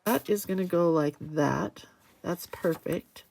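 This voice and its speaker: A middle-aged woman hosting a casual crafting livestream, chatting as she works and reading viewer comments aloud with warm sympathy. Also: lowish voice, slow, creaky.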